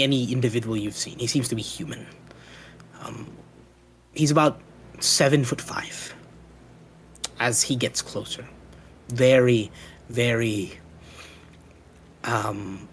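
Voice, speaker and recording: A man narrating a tabletop game as game master, often pausing and searching for words. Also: mid-range voice, a little hiss or hum, poor audio. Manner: halting, searches for words with many ums.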